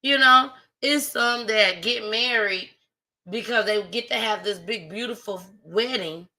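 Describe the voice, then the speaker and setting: Bright-voiced woman hosting a live stream. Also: medium pitch, measured pace, poor audio. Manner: chatty, heartfelt, addresses viewers directly. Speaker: livestream host. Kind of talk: casual livestream talk.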